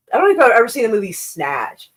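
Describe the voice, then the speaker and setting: A woman's voice: a little high, wildly swooping pitch, normal speed. A woman hosts a live stream and talks loosely to her chat, thanking viewers by name in a gushing way. Her talk drifts from topic to topic and is laced with swearing. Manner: effusive, profane, rambling.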